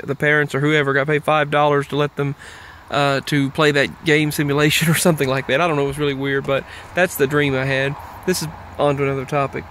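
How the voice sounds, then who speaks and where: A man talking on his own in a loose, meandering way, often circling back on his words. His voice sits a little high for a man. Faint noise runs under the recording. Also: fairly bright tone. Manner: meandering, many fillers and restarts. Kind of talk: casual rambling monologue.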